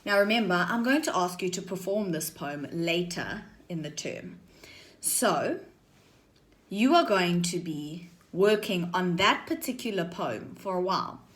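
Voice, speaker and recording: Walking her drama class through the lesson step by step, a woman explains slowly and deliberately, often asking "okay?" or "right?". Her voice is mid-range and a bit bright.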